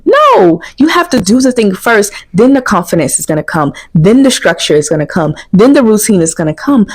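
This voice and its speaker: A woman's voice: mid-range voice, darkish tone. A young adult woman coaching viewers in an earnest, encouraging motivational talk, repeating her points for emphasis. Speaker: self-trust coach.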